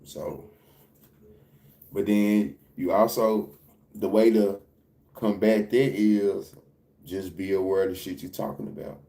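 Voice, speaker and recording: A man's voice: fairly low pitch, little pitch movement, takes it slowly, pauses often, mellow. A man hosting a livestream, talking loosely and repetitively in casual, profane slang. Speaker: livestream reaction host.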